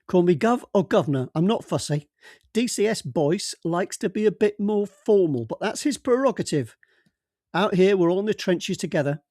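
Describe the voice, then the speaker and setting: A brusque, jovial middle-aged police boss, voiced by a man in an audiobook, booming out orders and brushing aside interruptions. His voice sits fairly high and is raised well above plain talk. The sound is dry and close. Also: lively intonation, normal speed, no room sound. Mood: bluff, bossy. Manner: loud, bluff and bossy, cuts others off. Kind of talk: audiobook character voice.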